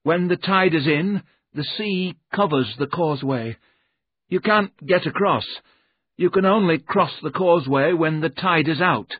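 A man's voice: a little high, a little slow, breathy edge, no echo, voice pushed up. A man voicing a timid, frightened little old man who speaks nervously and with strain. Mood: uneasy. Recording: narrow phone-like audio.

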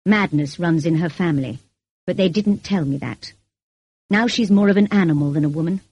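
A woman reading as a stern brooding gentleman. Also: a little fast, husky, dry recording, lo-fi sound. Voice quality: deep, growling. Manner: curt and bitter. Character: brooding, commanding gentleman in middle age. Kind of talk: audiobook reading.

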